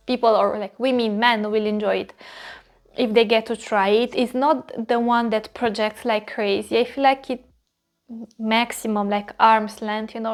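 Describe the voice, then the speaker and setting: A woman reviewing fragrances in a casual video, gushing and repeating phrases as she searches for words. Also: mid-range voice.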